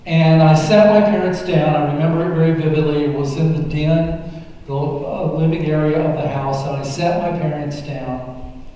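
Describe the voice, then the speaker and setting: A man in his sixties giving a personal testimony sermon in a church, halting with many fillers and restarts. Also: on the high side, steady tone, mellow. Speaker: preacher. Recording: echoey hall, voice from a distance.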